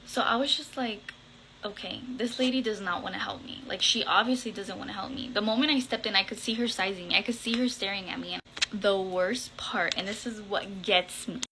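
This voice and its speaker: A young woman vlogger telling a storytime, animated and blunt, swearing casually and dropping Spanish words into her English. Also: medium pitch, fairly quick, noisy background. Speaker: content creator. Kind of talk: storytime vlog.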